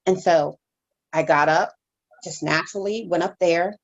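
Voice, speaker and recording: Gravelly-voiced woman giving heartfelt testimony. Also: lowish voice, lo-fi sound. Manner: halting, heartfelt storytelling with many restarts. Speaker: reverend giving her testimony as interview guest. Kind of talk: emotional personal testimony.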